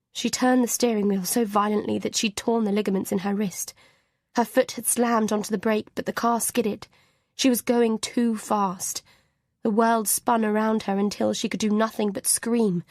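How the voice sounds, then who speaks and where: Lady reading a suspense audiobook, even and measured, super dry close mic. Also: medium pitch, no room sound. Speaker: audiobook narrator. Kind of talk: scripted narration of a first-person thriller.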